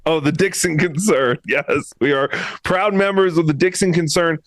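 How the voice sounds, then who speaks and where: A man's voice: a little high, normal speed, fairly bright tone, no room sound, lightly acted. A man voicing a chatty, agreeable male puppet guest on a casual talk stream, chuckling along. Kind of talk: casual chat.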